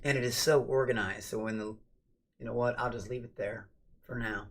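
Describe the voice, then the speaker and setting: A man's voice: medium pitch, steady tone, moderate pace, vocal fry. Blunt, profane man hosting a late-night stream. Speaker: livestream host.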